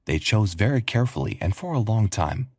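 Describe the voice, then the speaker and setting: A man with a husky voice narrating a scripted story. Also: on the low side, very animated, a little fast, darkish tone, no room sound, clean studio sound.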